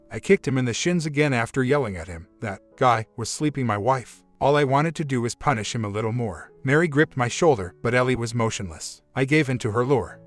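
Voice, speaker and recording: Male narrator at medium pitch for a story channel, steady and plain, soft music underneath. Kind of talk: scripted narration.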